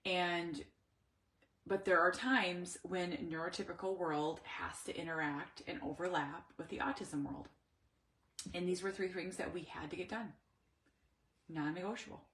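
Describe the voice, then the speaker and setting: A woman's voice: fairly low pitch, measured pace, fairly bright tone, echoey room. A middle-aged woman, a mother of an autistic son, talking candidly in a personal vlog, reflective and searching for words with many restarts.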